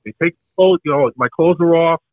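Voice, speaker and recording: An older man telling a story casually on a podcast, animated, and acting out the people in it. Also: fairly high pitch, brisk, no room sound, narrow, tinny audio. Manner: animated, acts out the other people in his story.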